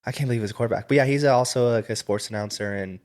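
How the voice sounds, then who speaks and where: A man's voice: mid-range voice, rapid-fire, a little mellow. A young man co-hosting a podcast, chatting casually and rambling with lots of fillers. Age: young adult. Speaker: podcast co-host. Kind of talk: casual chat.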